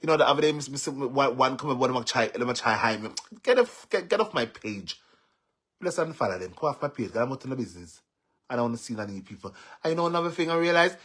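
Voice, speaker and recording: A Jamaican man venting on a live stream, agitated, with stammering repeats and swings between loud outbursts and low muttering. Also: expressive, fast, slightly rough. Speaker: social media personality.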